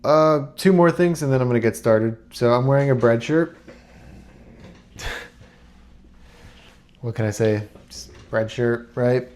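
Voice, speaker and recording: A man talking casually to camera as a YouTuber, rambling and relaxed with plenty of fillers. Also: mid-range voice, unhurried, pauses often. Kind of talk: casual screen-recorded talk.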